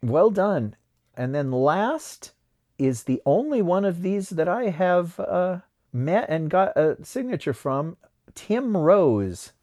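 A man hosting a casual podcast chat, his pitch rising and falling a lot as he talks. He reads names off a list and looks things up, keeping the talk easygoing. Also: very animated, slow pace, warm tone. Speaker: podcast host.

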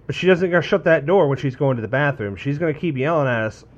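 A man's voice: on the high side, lively intonation, quick pace, lo-fi sound. Laughing, rambling man telling stories. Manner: rambling and profane, laughing through his stories. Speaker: storyteller among friends. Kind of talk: casual chat.

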